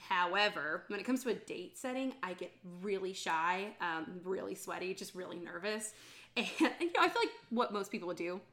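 A woman's voice: lowish voice, lively intonation, normal speed, a bit bright. A young woman co-hosting a podcast, telling a dating story in casual chat, acting out quotes and laughing often. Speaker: podcast co-host.

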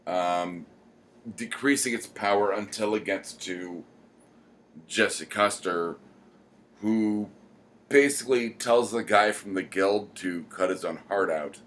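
A man with a somewhat low voice talks casually as a podcast co-host. He rambles, pausing often with ums as he gathers his thoughts. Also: fairly bright tone. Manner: rambling, many "um" pauses. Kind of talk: casual chat.

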